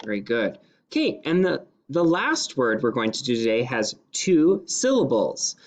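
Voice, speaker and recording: A male teacher leading a phonics lesson, sounding out each word slowly and deliberately. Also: mid-range voice, wildly swooping pitch. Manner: slow, deliberate sounding-out of words. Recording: slightly dull lo-fi classroom recording.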